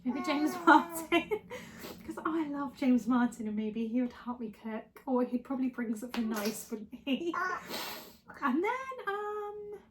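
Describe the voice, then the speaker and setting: A woman's voice: sits high, lively intonation, unhurried, a crowd in the background. A young woman talking casually to camera at home, chatty and openly emotional as she answers viewer questions. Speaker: lifestyle vlogger.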